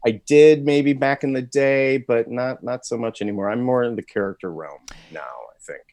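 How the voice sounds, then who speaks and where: A man's voice: mid-range voice, moderate pace, darkish tone, no room sound. A man, a voice actor, chatting candidly and with self-deprecating humor as an interview guest. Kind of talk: casual interview chat.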